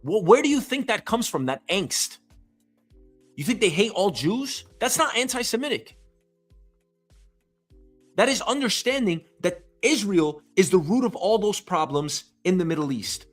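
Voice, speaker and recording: Broadcasting his own show from home, a New York City man launches into an angry, profane, emphatic rant. His voice is high-pitched and expressive, his pace measured, with soft music playing in the background.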